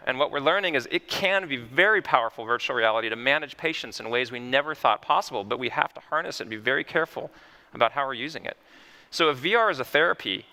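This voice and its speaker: A man, a physician, giving a conference talk and telling patient stories in an animated way. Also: medium pitch. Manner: animated, vivid storytelling. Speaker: physician speaker. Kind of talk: conference keynote storytelling.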